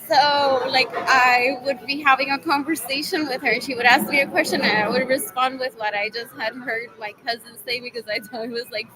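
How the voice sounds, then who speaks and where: A woman's voice: sits high, steady tone, brisk, hardly any pauses, a crowd in the background. A woman talking in a rambling, giggly way, leaning on "like" a lot in a casual monologue. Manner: rambling, giggly, heavy use of "like". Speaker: vlogger. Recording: noisy background ambience.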